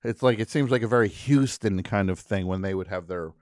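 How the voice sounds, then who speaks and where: A man with a lowish, darkish voice hosts a radio show, chatting casually at a fairly quick pace and telling a story. He breaks into silly put-on voices and accents along the way, captured on a studio microphone with studio quality and no echo.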